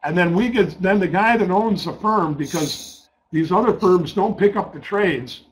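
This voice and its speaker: A man's voice: high-pitched, moderate pace, poor audio. A middle-aged man telling a trading-desk story in a blunt, profane way, repeating words as he gets worked up. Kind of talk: casual spoken storytelling.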